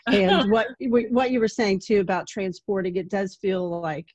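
A woman taking part in a workshop over a video call, speaking gently and hesitantly. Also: mid-range voice, moderate pace, no room sound, muffled recording. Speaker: workshop participant. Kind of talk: casual comments on a video call.

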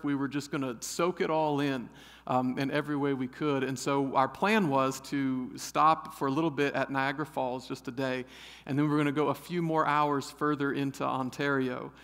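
A middle-aged pastor from Ohio telling a funny story in a sermon, animated and storytelling. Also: male voice, medium pitch. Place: church sanctuary. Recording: long church hall reverb.

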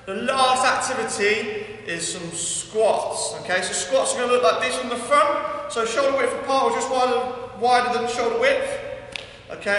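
A man's voice: very high-pitched, normal speed, bright, forceful tone. A man with an English accent coaching a workout class, counting down reps and urging listeners on with energy, at times out of breath. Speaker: PE workout instructor. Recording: echoey hall, mic far off.

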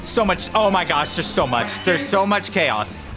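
A young man streaming a co-op game with friends, loud and prone to yelling and laughing. His voice sits high and leaps up and down constantly. Game music plays clearly behind him. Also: sing-song, a little slow. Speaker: gaming streamer. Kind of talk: excited co-op gameplay commentary.

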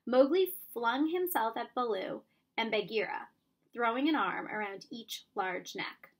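Expressive woman reading a storybook. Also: fairly high pitch, a little slow, gravelly. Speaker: audiobook reader. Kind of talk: storybook narration.

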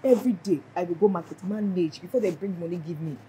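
A woman's voice: lowish voice, fast, dark tone, slight background noise, natural voice, rough recording. An actress with a Nigerian accent playing a frustrated married woman who complains dramatically about her husband. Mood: complaining. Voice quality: repeats herself, mixes in Pidgin. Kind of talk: Nollywood film acting.

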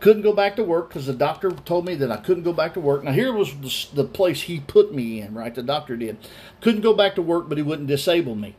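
Male pastor, forties, slightly high-pitched, earnest testimony-style Bible teaching. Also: expressive, fairly quick, dark tone. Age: 40s. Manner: earnest personal storytelling.

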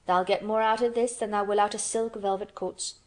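A woman reading a gentle, kindly country boy with a who charms animals, soft and unhurried. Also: mid-range voice, steady tone, close to an everyday voice. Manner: soft, gentle, broad dialect speech.

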